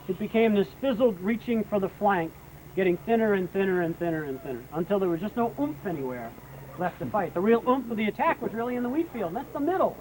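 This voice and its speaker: A man guiding an outdoor battlefield tour, telling history as a lively story and acting out what people said. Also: sits high, rough recording. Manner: lively storyteller, acts out quotes. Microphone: hand-held camera. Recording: outdoor camcorder recording with noise.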